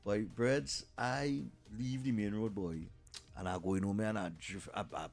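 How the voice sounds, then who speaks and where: A Trinidadian man hosting talk radio, telling a comic story in an animated way and repeating "boy" and "eh" a lot. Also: fairly low pitch, measured pace, gravelly, soft background music. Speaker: radio show host. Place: radio studio.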